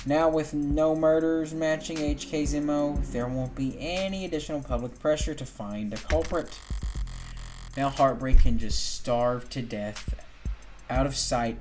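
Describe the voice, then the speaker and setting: A man voicing a cold, calculating male killer who narrates his own crimes in a measured, smug inner monologue, read from a story game. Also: medium pitch, a little mellow, natural voice. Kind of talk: reading a game's dialogue aloud.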